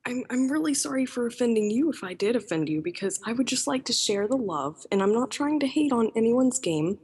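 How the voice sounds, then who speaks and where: A woman's voice: on the high side, lively intonation, brisk, a little mellow, slightly rough. A woman calling in to a show, talking in a sweet, effusive and pleading way. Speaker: caller. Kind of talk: casual call-in chat.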